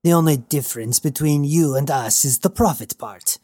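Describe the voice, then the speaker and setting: A man's voice: a little high, moderate pace, dark tone, no room sound, clean studio sound, voice pushed up, natural voice. A man reading an audiobook, voicing a huge, stern woman pirate who speaks in a sneering, curt way.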